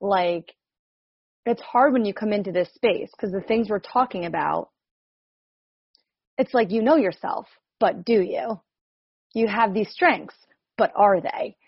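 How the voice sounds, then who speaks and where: A woman's voice: medium pitch, unhurried, long pauses, slightly rough, dry recording, muffled recording. A woman from New Jersey, a coach, rambling and questioning herself as she shares on a group video call. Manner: rambling and self-questioning, many "like"s, laughs often.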